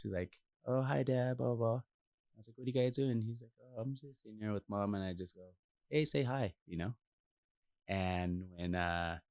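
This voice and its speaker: A man in his thirties, a podcast guest, telling a personal story in a reflective, halting way with many pauses and restarts. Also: sits low, a bit bright, dry recording, clean studio sound.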